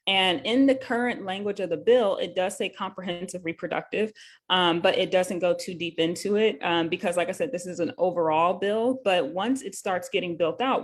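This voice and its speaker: A woman hosting a live talk show as a nurse, explaining a bill in an earnest, conversational way with many fillers and self-corrections. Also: lowish voice. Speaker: host and nurse.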